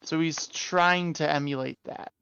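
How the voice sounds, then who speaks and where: A man's voice: on the high side, fairly even intonation, measured pace, creaky, sharp tone, clear, resonant tone, highs cut off. A man playing in a tabletop game, describing his character's moves in a hesitant way, thinking aloud. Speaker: player.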